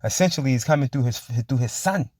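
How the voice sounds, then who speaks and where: A man preaching emphatically, reading scripture slowly and forcefully and checking in with his listeners again and again. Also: medium pitch, animated, no echo, clean studio sound. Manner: emphatic, keeps asking "you see?" and saying "man". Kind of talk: street-style sermon with scripture reading.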